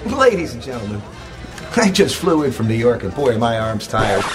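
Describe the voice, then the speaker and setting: A man's voice: medium pitch, lively intonation, fairly quick. A man doing a comic announcer introduction in stand-up delivery. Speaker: comedy club announcer. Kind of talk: comic show intro bit. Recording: music bed under the voice. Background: music and crickets.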